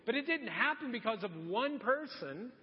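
A man preaching a sermon as pastor, talking to the congregation in a lively, conversational way and acting out quotes. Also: extremely high pitch, normal speed. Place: church sanctuary. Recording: muffled sound with long hall reverb.

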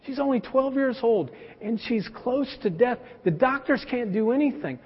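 A man's voice: extremely high pitch, expressive, moderate pace, husky, full character voice. A man acting out a desperate father pleading for help for his dying daughter, with urgent, begging delivery in an echoey hall. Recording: echoey hall, dull sound.

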